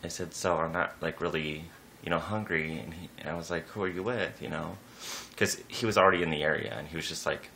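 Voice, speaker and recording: Low-voiced man telling a rambling story. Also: fairly quick, creaky, slight background noise. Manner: rambling, full of "like" and "you know"; animated, jumps up in pitch when quoting people. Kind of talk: casual personal storytelling.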